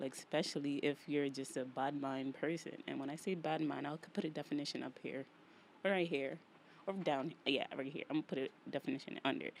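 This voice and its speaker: A woman with a thick New York accent talks straight to her listeners, casual and full of slang. She keeps repeating lines for emphasis and shifts easily between playful jokes and heated venting. A faint hiss sits under her voice. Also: deep voice. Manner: animated, playful, slangy, vents with emphatic repetition. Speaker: podcast host. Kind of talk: casual solo podcast monologue.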